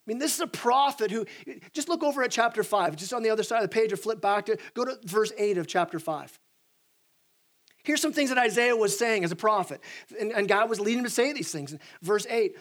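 A young man, a pastor, preaching a sermon in an animated way, with frequent restarts and acted-out quotes. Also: high voice, fairly quick.

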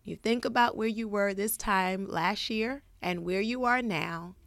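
A middle-aged woman therapist giving a gentle, encouraging self-help talk. She often checks in with listeners by asking "right?". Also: mid-range voice, unhurried, no echo. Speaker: therapist and podcast host.

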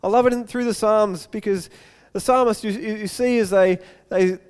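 Pastor guy preaching, smooth clear voice, earnest, stumbles on repeated words, echoey hall. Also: high-pitched, steady tone, normal speed. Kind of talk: sermon.

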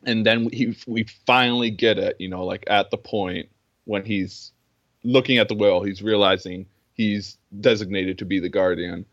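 A man's voice: fairly low pitch, steady tone, moderate pace, a bit bright, no echo, dull audio. A young man in casual film discussion, earnest and rambling, with many fillers and restarts. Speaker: film podcast co-host.

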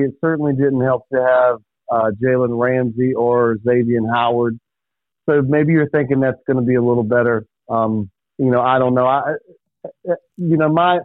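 A man's voice: mid-range voice, no room sound. A man calling into a radio show as a guest, talking sports casually with wry, dry jokes. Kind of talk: casual sports talk chat. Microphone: phone. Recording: tinny phone line.

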